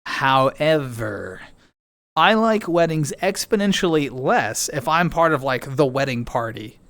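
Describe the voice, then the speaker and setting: A man's voice: medium pitch, lively intonation, a little slow, a bit bright. A man streaming from home, chatting casually with viewers in a playful, chatty way. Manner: chatty, bouncy intonation, playful. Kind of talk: casual chat reading viewer messages.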